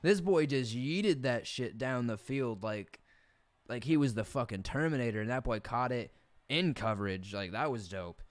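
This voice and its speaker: A young man with a Southern American drawl chatters through a football game stream, swearing freely and cracking jokes as plays unfold. His voice sits at an everyday middle pitch and reaches a close desk mic in a dry, dead room with no echo. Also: expressive, moderate pace. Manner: profane, rambling, jokey. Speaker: gaming streamer. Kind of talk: casual gameplay commentary.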